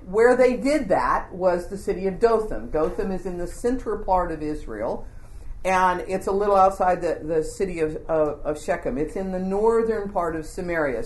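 A woman teaching a Bible lesson to a group, telling the story in an informal, animated way and asking the group questions. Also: mid-range voice, roomy sound.

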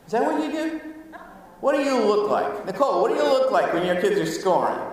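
A man preaching a sermon to his congregation, animated, moving between hushed asides and loud exclamations. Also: high-pitched, a little fast. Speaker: pastor. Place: church sanctuary. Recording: echoey hall, mic at a distance.

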